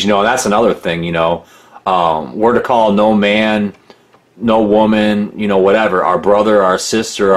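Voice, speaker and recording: A man with a deep voice talks through a critical documentary in a loose, rambling way. He is sarcastic and mocking, full of asides and restarts. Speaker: documentary narrator. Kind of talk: casual critical commentary.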